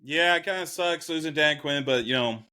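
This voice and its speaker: A man's voice: fairly high pitch, moderate pace, bright, forceful tone. A man co-hosting a casual sports chat show, easygoing and rambling, with some swearing. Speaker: podcast co-host. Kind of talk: casual chat while drinking.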